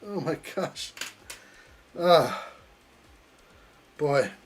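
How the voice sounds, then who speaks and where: His fairly high voice swings widely in pitch and moves very slowly, with faint music behind. As host of a model-kit building stream, he reads chat aloud and jokes around, teasing his viewers in casual conversation.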